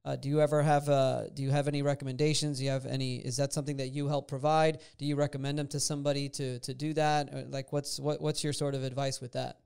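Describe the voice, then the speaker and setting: A man's voice: medium pitch, little pitch movement, fast, vocal fry, few pauses, darkish tone, smooth. A male podcast host in casual conversation, blunt and a little profane, asking long rambling questions. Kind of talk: casual interview chat.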